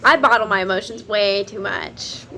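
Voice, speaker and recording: A woman's voice: mid-range voice, normal speed, pushed and bright, a little hiss or hum. A young woman, chatting casually to camera about books, swearing freely and laughing often. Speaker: book vlogger.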